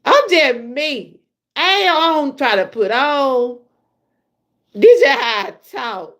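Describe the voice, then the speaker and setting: A woman's voice: high-pitched, sing-song, slow pace, fairly bright tone. A middle-aged woman with a Southern US accent, chatting casually to her viewers on a livestream and laughing often. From Georgia, USA. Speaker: livestream host.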